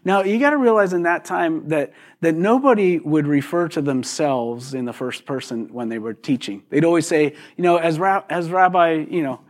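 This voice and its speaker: A man preaching a sermon in a relaxed, conversational way, often putting questions to the congregation. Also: fairly high pitch, moderate pace, hardly any pauses. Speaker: pastor.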